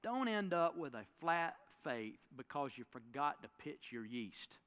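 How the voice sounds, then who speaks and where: A man preaching a sermon as a pastor, telling a story with dramatic swings between loud bursts and hushed lines. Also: on the high side, sing-song, a little slow. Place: church sanctuary.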